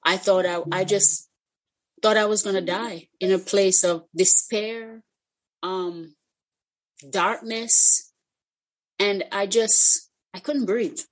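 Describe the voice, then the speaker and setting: A middle-aged woman speaks as a guest, telling an emotional personal story of faith at a medium pitch. She is earnest and heartfelt, and often breaks off and restarts her sentences. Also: steady tone, takes it slowly, long pauses, low-quality recording.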